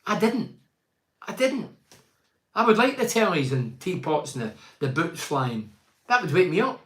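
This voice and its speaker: Emphatic football pundit in an echoey room. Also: male voice, a little high, sing-song, moderate pace, fairly bright tone. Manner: emphatic and rhetorical, piles up repeated phrases. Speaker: football podcast host. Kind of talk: opinionated football chat, reading out listener comments.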